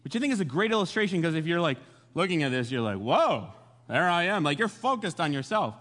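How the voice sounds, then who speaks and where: A male pastor preaching a sermon, telling the story in a jokey, animated way and acting out voices. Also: fairly high pitch, fast talker, in a large hall.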